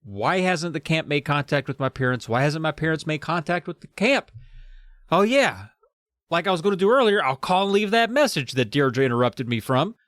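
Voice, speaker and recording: A man's voice: fairly high pitch, lively intonation, moderate pace, a bit bright, dry recording. Wry man, dry close sound. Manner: casual, wry, reacts with laughs and swearing. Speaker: podcast co-host. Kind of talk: comedic book recap podcast.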